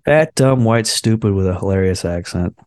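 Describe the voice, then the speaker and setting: A man's voice: sits low, lively intonation, normal speed, darkish tone, no echo, clean studio sound. A man co-hosting a podcast, musing wryly and sarcastically in casual comedic chat. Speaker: podcast co-host.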